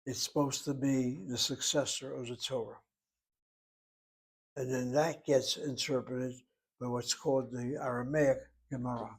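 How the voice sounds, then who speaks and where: A man teaching Hebrew in a relaxed lecture, explaining terms patiently and asking rhetorical questions along the way. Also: mid-range voice, unhurried, husky.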